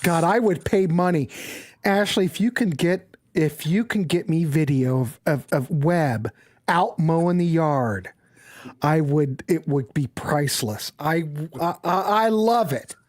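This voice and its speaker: Excitable, teasing male host. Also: on the high side, a little slow. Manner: excitable and teasing, swears freely. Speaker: show host. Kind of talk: casual livestream chat.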